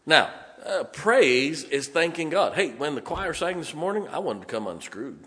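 A man's voice: fairly high pitch, normal speed. A man preaching a sermon as pastor, folksy and joking, telling stories and raising his voice for emphasis. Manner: lively, raises voice for emphasis.

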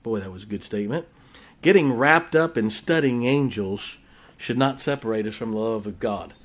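Man, pastor, folksy joking sermon, bursts of shouting. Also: on the low side, moderate pace.

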